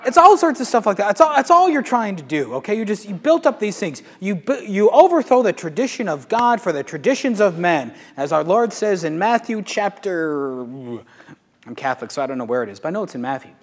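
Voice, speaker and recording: A man, a Catholic priest, giving a casual, animated talk to a live audience, asking rhetorical questions. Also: sits high, a little fast. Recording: echoey hall.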